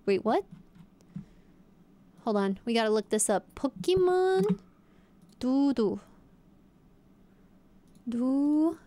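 A woman's voice: mid-range voice, unhurried, pauses often, dark tone. A young woman streamer chatting casually and playfully, guessing aloud and talking to her viewers. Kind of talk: casual live-stream chat.

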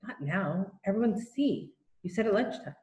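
A woman's voice: medium pitch, animated, moderate pace, lightly acted. A woman reading the lines of a young schoolboy who is anxious and fiercely protective. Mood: tense. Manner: urgent, hushed then fierce. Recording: roomy echo.

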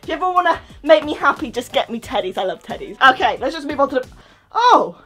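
A woman's voice: high-pitched, quick pace, soft background music. A woman giving a playful room tour of her bedroom, jokey and giddy, now and then breathless. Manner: giddy, jokey, shifts into excited squeals. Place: bedroom, indoors.

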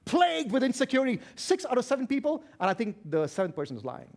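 A pastor preaching a sermon with a non-native accent, loud and passionate, swinging from shouts to hushed asides. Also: male voice, high-pitched, very animated, quick pace. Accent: non-native English accent.

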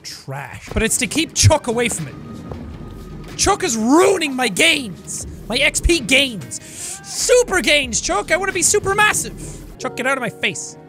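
A man giving excitable let's play commentary, swinging from yelling outbursts to low mutters. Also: measured pace, faint music behind. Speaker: gameplay commentator.

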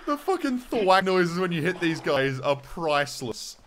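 A man's voice: high voice, fairly bright tone, slight background noise. Chatty Australian man gaming. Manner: chatty, swears, reads chat aloud. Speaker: gaming streamer. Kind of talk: casual gameplay commentary.

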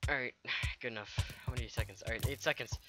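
A male gaming host narrates his own match in a loose, excitable way, taunting and teasing the players he fights. His voice sits at an ordinary middle pitch for a man. Music plays steadily behind him. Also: fast. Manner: excitable trash-talking banter at opponents. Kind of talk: let's play commentary.

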